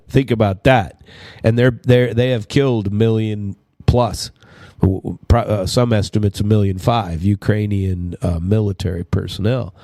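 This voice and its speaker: A man hosting a podcast, giving blunt, rambling political commentary and slowing down to stress phrases. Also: fairly low pitch, fairly even intonation, creaky, dark tone, no echo, clean studio sound. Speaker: podcast host. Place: home studio.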